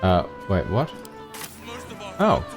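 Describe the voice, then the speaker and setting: Streamer man, low voice, slow and halting, wry asides. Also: wildly swooping pitch, gravelly, lo-fi sound, music in the background. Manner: hesitant, restarting, wry. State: has the hiccups. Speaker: streamer playing a game. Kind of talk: casual let's-play chat.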